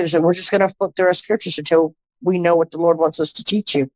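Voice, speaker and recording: A woman's voice: lowish voice, fast talker, dry recording. A middle-aged woman, a podcast guest, telling her personal testimony bluntly and animatedly, acting out the people in it. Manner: blunt, animated storytelling with frequent restarts and quoted dialogue. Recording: slightly dull, dry audio.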